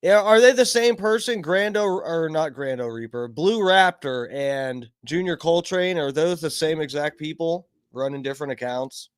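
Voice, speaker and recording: Man, livestream host, rambling casual chat, swears a lot, slightly high voice, dry close sound. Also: normal speed, few pauses, clean tone, no echo. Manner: rambling, profane, greets chat by name. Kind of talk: casual live-stream chat.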